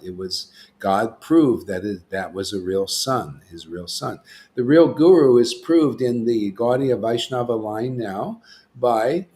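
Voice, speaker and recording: A man's voice: mid-range voice, a little mellow. A man hosting a casual spiritual discussion, rambling and often saying "see" and "you know.". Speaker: host.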